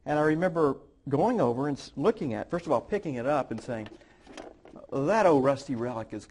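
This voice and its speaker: Gravelly middle-aged man telling a heartfelt story. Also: medium pitch, lively intonation, a little mellow, slight background noise. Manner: heartfelt, halting with restarts and fillers. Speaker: guest, author and speaker. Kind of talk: emotional personal storytelling in a TV interview. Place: television studio.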